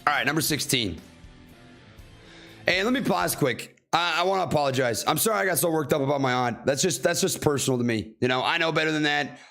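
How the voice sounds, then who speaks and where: A man's voice: a little high, fairly quick, a bit bright, faint music behind. A man from North Carolina hosting a casual livestream, reading out viewer questions and riffing on them. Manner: reads out FAQ text then riffs on it casually.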